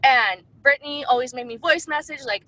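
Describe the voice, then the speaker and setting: A woman's voice: sits high, brisk, sharp tone, dry recording, low-quality recording. A woman talking casually about her sales methods, chatty and full of "like" and "um". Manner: chatty, heavy use of "like" and "um". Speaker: direct sales distributor. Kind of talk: casual sales-tips talk.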